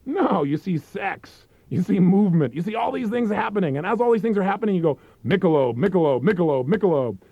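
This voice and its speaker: Energetic man giving an infomercial pitch. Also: quick pace, creaky, hardly any pauses, husky, dry recording. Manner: energetic, emphatic and persuasive. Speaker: program presenter. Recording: dull, dry lo-fi recording.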